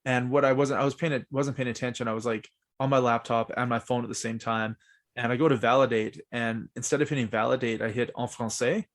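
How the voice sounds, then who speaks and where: Male podcast host, mid-pitch, animated storyteller, heavy casual profanity. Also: brisk. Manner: animated storyteller, swears a lot. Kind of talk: casual chat.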